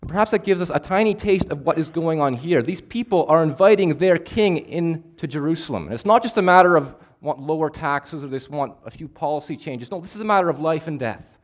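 A male pastor delivers a sermon in a voice sitting a little above the usual male pitch. He presses hard on some phrases and drops to a near hush on others. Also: lively intonation, brisk, few pauses. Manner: emphatic, swings between loud and hushed.

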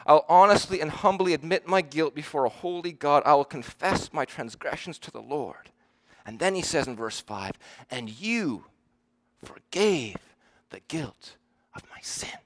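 Earnest preacher man, higher voice. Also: fairly bright tone. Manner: earnest, emphatic, with slow stressed quotes. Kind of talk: sermon.

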